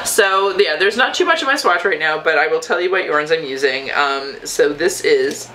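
A woman's voice: low-pitched, expressive, moderate pace, a crowd in the background, rough recording. A woman co-hosting a yarn shop podcast, chatting casually about knitting in a meandering way, with frequent restarts.

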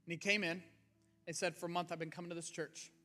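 A man's voice: high-pitched, level tone, fast talker, pushed and bright. A man preaching an earnest, conversational sermon to his church as its pastor. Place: church sanctuary. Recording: faint music underneath.

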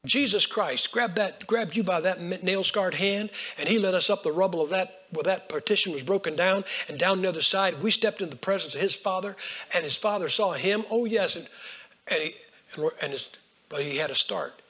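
An older man preaching a folksy storytelling sermon, swinging between hushed lines and loud bursts. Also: high voice, fairly quick, husky. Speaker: Baptist preacher.

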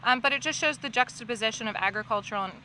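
Playful woman co-host, bright voice. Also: a little high, slight background noise, rough recording. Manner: playful, quick quips and agreeing fillers. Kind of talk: casual chat.

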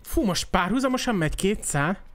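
Male live streamer, casual running commentary, animated pitch, quick laughing asides. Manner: chatty, laughing asides over gameplay. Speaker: gaming streamer.

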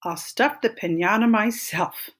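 A woman's voice: mid-range voice, measured pace, lightly acted. A woman voicing a hardworking, fed-up female iguana in a storybook read-aloud, emphatic and exasperated. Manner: eager, then exasperated, emphatic.

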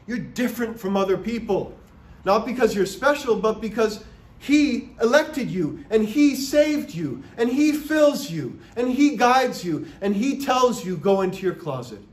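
A man's voice: high voice, animated, moderate pace, echoey room. A man preaching a sermon as pastor, earnest and emphatic, asking his congregation rhetorical questions. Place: church sanctuary.

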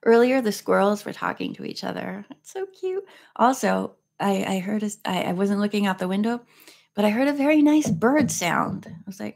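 A woman chatting casually between chapters of a read-aloud, rambling through gentle asides. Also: mid-range voice, lively intonation, moderate pace, vocal fry. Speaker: vlogger reading a book aloud. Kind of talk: casual chat.

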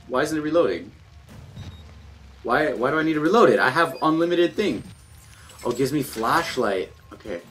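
A man's voice: medium pitch, expressive, moderate pace, pauses often, fairly bright tone. A young man commentating a horror game, jumpy and panicky, muttering repeated words to himself. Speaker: gameplay commentator.

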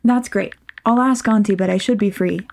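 A woman's voice: medium pitch, normal speed, gravelly, darkish tone, slight background noise, lightly acted. A woman voicing a flustered young man in a storybook reading, nervous and defensive. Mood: polite.

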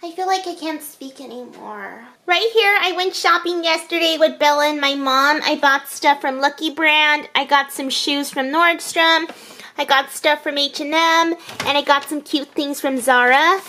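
Bubbly high-voiced young woman vlogging. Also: moderate pace, bright, forceful tone, reverberant, a little hiss or hum. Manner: bubbly and chatty, with small sighs and laughs. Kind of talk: casual vlog talk to camera. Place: at home, indoors. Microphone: handheld camera.

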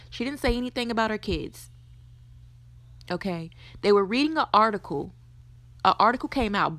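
A woman's voice: fairly low pitch, fairly bright tone, no echo. A woman hosting a casual TV recap, blunt and opinionated, talking in a gossipy way. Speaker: podcast host.

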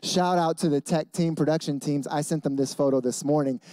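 A man's voice: fairly high pitch, fairly even intonation, a little fast, warm tone, dry recording, clean studio sound. A man in his thirties preaching a casual sermon as a guest pastor, chatty and laughing, often adding "y'all" and "okay?". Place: church stage.

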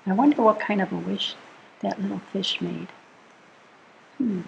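A woman reading a bedtime picture book aloud to children, gentle and soothing, asking the listener little questions as she goes. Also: medium pitch, measured pace, creaky, dull audio, slight background noise. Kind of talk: read-aloud storytime.

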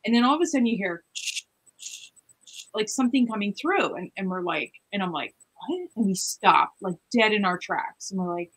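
A woman, a paranormal investigator guest, telling a story in an animated, rambling way. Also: medium pitch, fairly quick, poor audio. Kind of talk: casual storytelling.

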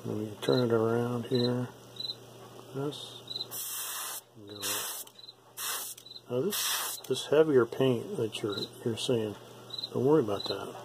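A man giving a relaxed, step-by-step painting tutorial, repeating himself and checking in with "okay?" often. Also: medium pitch, slow, creaky, pauses often, noisy background. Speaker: miniature painting instructor.

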